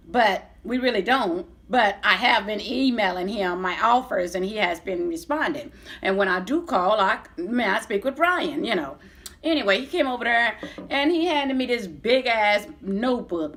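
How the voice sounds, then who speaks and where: This middle-aged woman vlogs a long story from her own life in a casual, profane, chatty way, frequently backing up to restart sentences. Her voice is medium in pitch with a bit of brightness.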